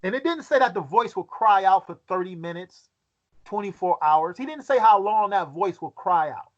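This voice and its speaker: Here a high-pitched, expressive man runs a Bible study, reading passages aloud and questioning those listening. Now and then he halts and repeats words as he thinks, and the upper frequencies of the audio are cut off.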